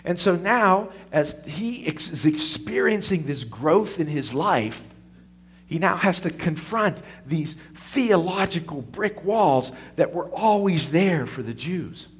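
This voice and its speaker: A man's voice: fairly high pitch, animated, takes it slowly, slightly rough. A male pastor preaching a sermon, with call-and-response asides to his congregation.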